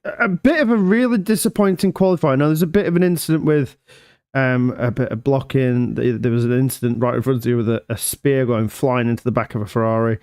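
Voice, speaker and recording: A man's voice: medium pitch, fast talker, darkish tone, clear, resonant tone, no echo, clean studio sound. Chatty man hosting driver interviews. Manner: chatty, jokey, filler-heavy questions. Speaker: league interviewer. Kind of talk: casual post-race interview.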